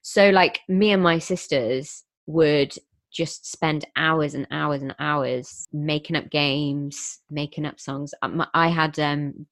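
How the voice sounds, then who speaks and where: A woman's voice: deep voice, steady tone, slow, dry recording, studio quality. A young woman hosting a podcast, talking in a thoughtful and reflective way. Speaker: podcast host. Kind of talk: casual podcast chat.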